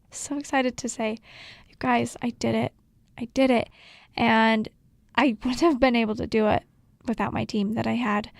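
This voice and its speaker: A fairly high-pitched woman tells her story with lots of animation, slipping into quoted voices and laughing between lines. The sound is dry and close, with no room echo. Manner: animated, acts out quotes, laughs often, says "like" a lot. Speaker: podcast co-host sharing her birth story. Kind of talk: casual conversational storytelling.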